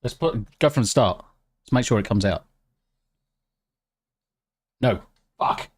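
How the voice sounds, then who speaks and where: A British man chatting casually on a live stream. He reacts excitably to chat and swears freely. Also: mid-range voice, slow pace. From United Kingdom. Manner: excitable, swears freely, talks while eating.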